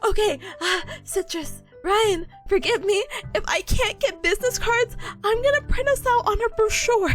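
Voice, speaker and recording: Very high, bubbly streamer woman. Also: normal speed, hardly any pauses, over music. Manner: giggly, bubbly, talks with a smile. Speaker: VTuber streamer. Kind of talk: casual chat reading stream chat.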